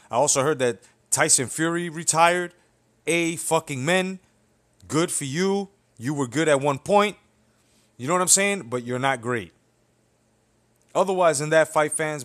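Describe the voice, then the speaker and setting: A man's voice: fairly high pitch, a bit bright. A young man who hosts a boxing commentary channel, delivering a blunt, heated, profanity-filled rant that keeps checking in with "you know what I'm saying". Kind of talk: profane ranting opinion video.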